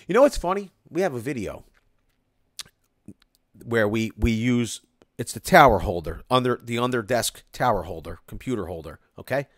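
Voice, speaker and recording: A man hosting a casual live stream, reading viewer comments aloud and ranting about them in an animated way. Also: medium pitch, no echo, clean studio sound.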